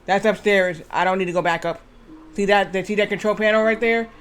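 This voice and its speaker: Male game streamer, higher-pitched voice, loose rambling delivery, curses casually. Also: steady tone, a little fast, fairly bright tone, soft background music. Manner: rambling, restarts, swears freely. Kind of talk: casual gameplay commentary.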